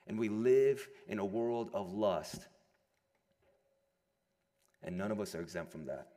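A young adult man preaching a sermon to a room of listeners, animated, moving between loud emphasis and hushed quiet passages. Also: fairly low pitch, a little slow. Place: large room with an audience. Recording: long hall reverb.

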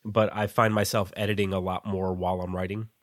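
A man's voice: low voice, flat delivery, fairly quick, dry recording, studio quality. A man co-hosting a writing podcast, chatting casually with lots of "like" fillers. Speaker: podcast co-host.

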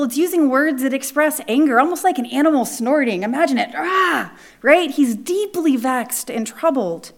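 A woman with a high voice preaching a sermon. She plays out the lines of the story with feeling and often drops to a hushed, near-whispered tone for the weighty parts. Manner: expressive, acts out the voices of the text, drops to a hush. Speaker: pastor.

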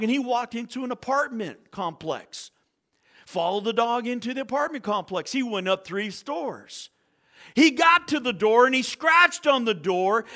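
A man's voice: very high voice, bright, forceful tone. A male pastor preaching a sermon in church, telling a joke story and reading scripture, with small stumbles and restarts.

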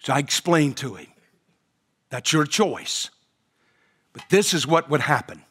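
Higher-voiced preacher telling a story. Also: male voice, big pitch swings, a bit bright, husky. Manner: storytelling with frequent pauses and fillers, building to emphatic quotes. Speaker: pastor. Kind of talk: sermon.

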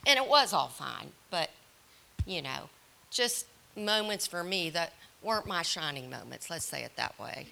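A middle-aged mother on a parenting panel, telling a story in an animated way and acting out both her own lines and other people's. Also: lowish voice, a little slow, vocal fry.

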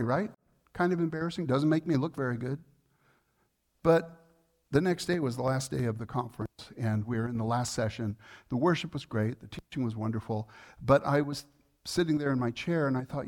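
A male pastor preaching a sermon in a conversational, earnest way, telling a personal story with fillers and restarts, and growing soft and quiet in tender moments. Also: brisk. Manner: softens and lowers his voice in tender moments.

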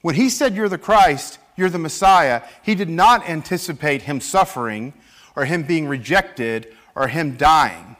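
A man's voice: fairly high pitch, a little slow. A man preaching a sermon in a church, acting out scripture quotes as he goes. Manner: animated, acts out scripture quotes. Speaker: pastor.

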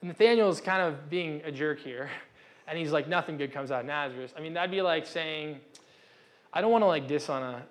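Young male pastor, casual conversational sermon, slightly higher voice, self-interrupting, acts out the dialogue. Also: moderate pace.

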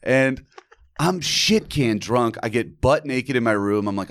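A young man from Atlanta telling a drunken high school story on a podcast, acting out the people in it in a loose, profane way. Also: measured pace. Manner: animated, profane, acts out voices in anecdotes. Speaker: podcast guest. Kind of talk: casual storytelling chat.

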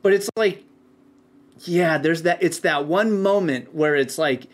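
A man hosting a casual conversation, relaxed and reflective. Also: a little high, a little slow.

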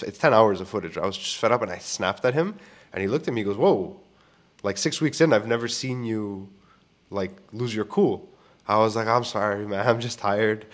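A young man hosting a podcast, telling candid stories about clients in a casual, profane way with frequent restarts. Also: fairly low pitch. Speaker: podcast host. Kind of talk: casual storytelling monologue.

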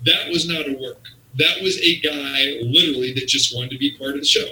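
Animated man telling a story, bright tone. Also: mid-range voice, a little fast, slight background noise. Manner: animated storyteller who acts out quotes. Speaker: guest, wrestling promoter. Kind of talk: storytelling in a podcast interview. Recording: roomy sound, distant from the mic.

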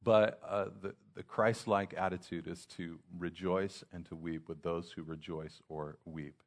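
Low-voiced man preaching conversationally. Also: steady tone, measured pace. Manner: conversational preaching with frequent restarts and acted asides. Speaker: pastor. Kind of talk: sermon.

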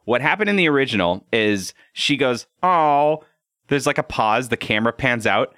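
A man co-hosting a casual podcast, an animated storyteller who stammers and laughs often. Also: medium pitch, a little fast, dry recording, clean studio sound. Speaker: podcast co-host.

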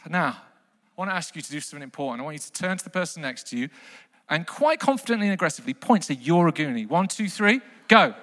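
A man preaching a lively sermon to a congregation, telling a children's story with big bursts of mock outrage. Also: on the high side, fairly quick. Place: large hall with long reverb. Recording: live sermon in a reverberant hall.

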